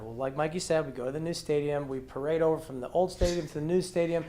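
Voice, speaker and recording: A young man on a podcast, telling a college baseball story in a casual, animated, profane way and acting out the dialogue. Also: fairly high pitch, fast talker, few pauses. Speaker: podcast guest, former college catcher.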